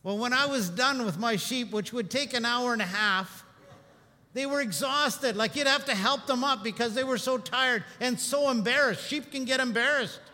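A man preaching a sermon with a high, bright voice. He tells stories and swings between hushed, quiet passages and animated ones. His voice rings through a hall with a long, echoing reverb. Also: moderate pace. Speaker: pastor.

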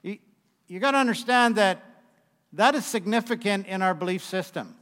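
In a big hall's lingering reverb, a preacher in his sixties talks conversationally, weaving in folksy tales and remarks to the congregation. His voice is high and fairly bright, at a moderate pace.

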